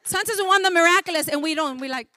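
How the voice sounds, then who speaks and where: High, fervent woman preaching. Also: rapid-fire, dry recording, some chatter behind. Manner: fervent preaching, swings from soft to shouting. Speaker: pastor. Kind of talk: sermon.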